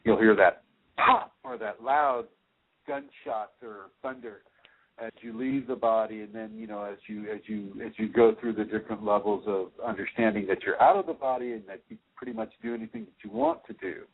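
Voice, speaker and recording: A man hosting a radio call-in show, giving spiritual advice in a slow, reassuring way with many repeated words and restarts. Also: lowish voice. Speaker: spiritual teacher, radio host. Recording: tinny phone line.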